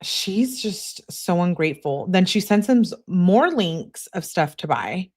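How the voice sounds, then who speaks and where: A young woman with a somewhat low voice reads text messages aloud for a true crime audience. She reads casually and keeps stopping to add blunt, scornful comments of her own. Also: lively intonation, a little slow, darkish tone.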